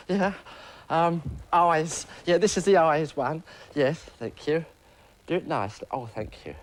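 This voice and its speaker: A man's voice: on the high side, a little slow, a little hiss or hum. A man presenting a children's TV show, chatting playfully and coaxingly. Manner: chatty, coaxing, talking to a puppet. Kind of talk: playful kids' show patter.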